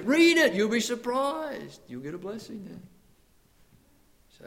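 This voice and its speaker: Male pastor with a high voice, preaches with rhetorical questions, loud then hushed. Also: very animated, normal speed, gravelly, pauses often. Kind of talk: sermon.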